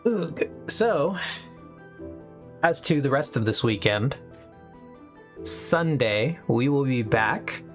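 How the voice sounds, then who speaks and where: Young adult streamer, casual rambling chat to viewers, upbeat asides, faint music under the voice. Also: mid-range voice. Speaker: live streamer.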